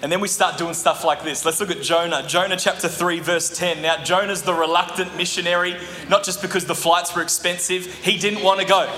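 A male pastor preaching an animated sermon, with joking asides to the congregation. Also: high voice, brisk, few pauses, a little hiss or hum. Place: church hall. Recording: echoey hall recording.

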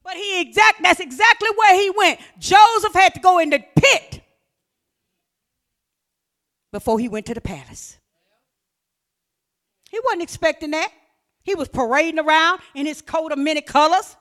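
A woman preaching a fervent sermon, repeating phrases and often shouting. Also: extremely high pitch, expressive, moderate pace.

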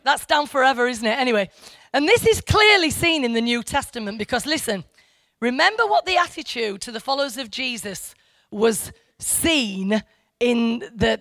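A woman's voice: on the high side, fairly bright tone, no room sound. A woman giving informal Bible teaching to a church group, rambling and correcting herself with asides to her listeners.

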